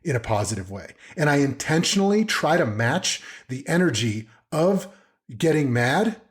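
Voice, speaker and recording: A man co-hosting a casual parenting podcast, animated and swearing freely as he acts out his stories. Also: on the high side, normal speed. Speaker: podcast co-host.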